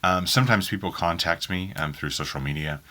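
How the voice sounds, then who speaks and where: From a small booth in his spare bedroom, a man from Oklahoma answers interview questions about his audiobook narration, his faint Southern accent audible. He speaks a little fast in a deep, pushed, bright voice, rambling with many ums and restarts.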